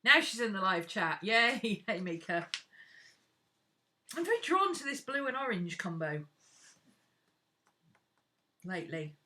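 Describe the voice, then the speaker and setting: A woman's voice: mid-range voice, very animated, measured pace, long pauses, sharp tone, slight background noise. A woman chatting frankly and casually to her viewers while she works on a craft live stream.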